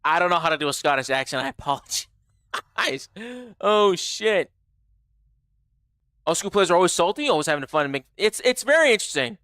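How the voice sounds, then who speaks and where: A young man chatting live while he plays a game, loose and casual, with frequent swearing as he answers his chat. His voice is bright and clear and sits a little high for a man. The sound is dry and close. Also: animated, fast talker, no room sound. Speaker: game streamer.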